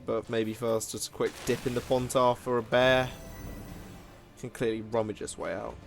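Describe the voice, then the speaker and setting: A man's voice: medium pitch, level tone, moderate pace, vocal fry, soft background music. A man giving casual, self-mocking commentary while playing a card game, often laughing at himself. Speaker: gaming video host.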